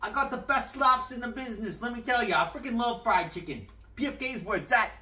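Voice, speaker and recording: A man co-hosting a casual chat show, telling stories in an animated way and swearing freely, in a room at home. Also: very high-pitched, quick pace, echoey room, distant mic. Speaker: podcast co-host.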